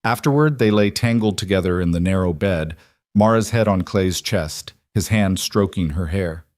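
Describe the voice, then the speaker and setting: A man reads a scripted story aloud in a calm, gentle, measured manner. His voice sits fairly low, and the recording is close-miked and dry, with no room sound at all.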